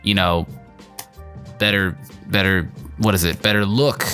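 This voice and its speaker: A man giving a casual spoken anime review in an excitable, slangy, rambling way. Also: sits low, a little slow, faint music behind.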